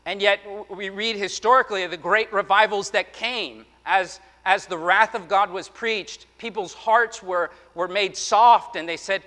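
A male pastor preaching a sermon, animated, slipping into the voices of his listeners and of the prophet. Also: sits high, normal speed, few pauses, big-room sound.

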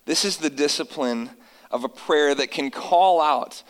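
A man, likely in his thirties, preaching a sermon to his congregation, telling family stories and reading scripture slowly for emphasis. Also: on the high side, in a large hall, poor audio. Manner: earnest, storytelling with slow emphatic scripture reading. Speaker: pastor.

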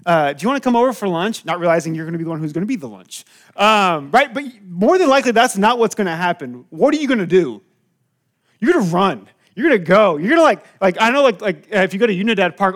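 Male pastor, slightly high, loose chatty sermon delivery full of fillers. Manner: rambling, many fillers and restarts, lively storytelling. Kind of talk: casual sermon to a congregation.

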